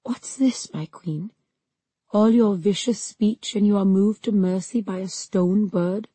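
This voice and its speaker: A woman voicing a cold, mocking male ruler and mentor in an audiobook, speaking in a measured, condescending way. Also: mid-range voice, mellow, dry recording, lightly acted. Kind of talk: audiobook character reading.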